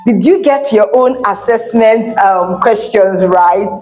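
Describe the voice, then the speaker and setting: A woman's voice: medium pitch, takes it slowly, a little mellow, faint music behind. Encouraging woman teaching tones. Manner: encouraging, drills words with sliding tones. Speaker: Igbo language teacher for children. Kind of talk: online language lesson.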